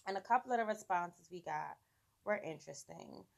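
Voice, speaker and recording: A woman's voice: fairly low pitch, brisk, gravelly. A woman in her thirties co-hosting a podcast, chatting candidly and playfully with bawdy banter. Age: 30s. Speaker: podcast co-host. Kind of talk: casual chat.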